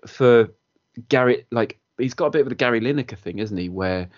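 A man's voice: medium pitch, brisk, dull audio. A man co-hosting a football podcast, steadily reeling off statistics. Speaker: podcast co-host. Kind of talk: casual football chat.

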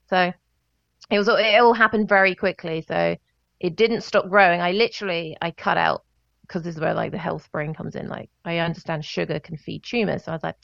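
A woman tells her story in a loose, animated way, her low-set voice catching in a gravelly fry as she laughs and darts into little voices. The sound is dull and lo-fi, close and dry. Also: a little fast, dry recording. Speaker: guest, singer and vocal coach. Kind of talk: casual interview storytelling.

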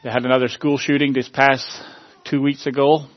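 A man preaching as a pastor, praying and then giving a sermon in an earnest, halting way with repeated words and fillers. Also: medium pitch, flat delivery, no echo, muffled recording. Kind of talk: sermon with opening prayer.

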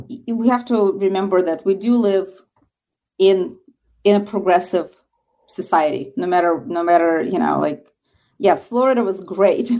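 A woman's voice: mid-range voice, mellow. A woman speaks with a Russian accent as an interview guest, with a mid-range voice. She talks earnestly and leans hard on her main points. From former Soviet Union. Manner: earnest and emphatic. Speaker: guest, organization founder. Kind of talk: interview conversation.

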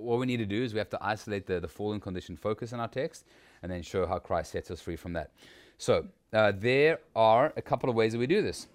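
A man, teaching a workshop on sermon preparation in a conversational way, with frequent restarts and rhetorical questions. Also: fairly low pitch. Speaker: preacher teaching a preaching workshop. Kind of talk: informal teaching talk.

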